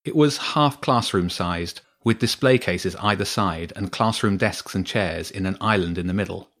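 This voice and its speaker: A man calmly reading a children's story aloud as narrator. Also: sits low, normal speed. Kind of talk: scripted narration.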